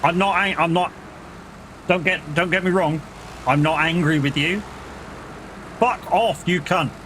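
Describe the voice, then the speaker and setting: A man's voice: fairly high pitch, fairly even intonation, normal speed, pushed and bright, slight background noise. A man with an English accent, a live streamer chatting casually and swearing while he plays a game and jokes with his chat. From England.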